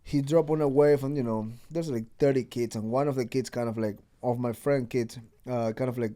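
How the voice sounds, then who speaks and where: Guy on a podcast with a dark, mellow voice, swearing a lot, acting out the people in his story. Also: medium pitch, steady tone, fairly quick. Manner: swears freely, acts out quotes. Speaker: podcast host. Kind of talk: casual chat, storytelling.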